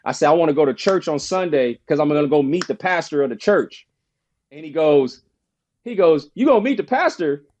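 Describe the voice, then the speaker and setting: As a podcast guest, a man tells a personal story at a moderate pace, casual and heavy on slang like "bro" and "you know." He's an animated storyteller who acts out quoted friends in a higher voice, his own sitting a little high. The audio is slightly dull and lo-fi.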